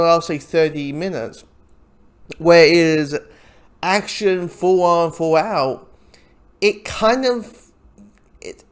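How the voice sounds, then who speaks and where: A man giving a casual, rambling spoken review of a movie, talking loosely and sometimes slipping into the voices of the people he quotes. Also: high-pitched. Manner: rambling, acts out quoted lines. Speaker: film reviewer.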